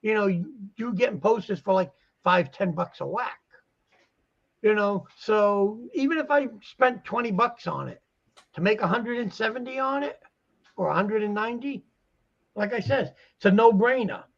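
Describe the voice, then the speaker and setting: A man's voice: sits high, moderate pace, creaky. A man chatting casually about dealing posters, rambling and acting out the conversations he quotes. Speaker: guest poster dealer. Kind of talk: casual chat. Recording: muffled lo-fi audio.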